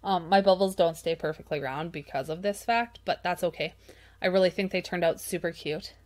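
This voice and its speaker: A woman's voice: fairly low pitch, a little fast, a little mellow. A woman hosting a painting tutorial at her craft desk, chatty and self-mocking as she works, breaking into laughter. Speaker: craft channel host.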